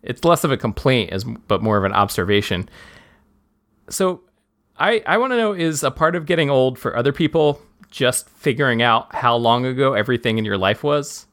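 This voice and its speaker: A man's voice: medium pitch, expressive, moderate pace, a bit bright. A man co-hosting a podcast in casual chat, teasing his co-host and musing in a dry way.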